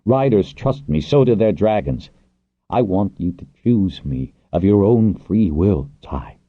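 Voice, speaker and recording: An earnest young dragonrider wing leader, tender but intense, as a male narrator plays him. His husky voice lifts and falls widely. The recording is tinny and dry. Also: low voice, expressive, measured pace, no room sound, pitched above the performer's own voice.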